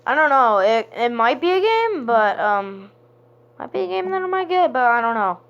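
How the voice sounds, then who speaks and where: A young woman playing a game and chatting casually to her viewers, playful, sometimes singing with deliberate voice cracks. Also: a little high, sing-song, fairly bright tone, muffled recording. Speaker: gaming vlogger. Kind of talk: casual gaming commentary.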